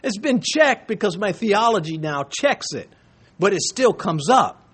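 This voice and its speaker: A man's voice: high voice, big pitch swings, measured pace, a bit bright, husky. A middle-aged male pastor preaching a sermon in a conversational way, with chuckles and asides.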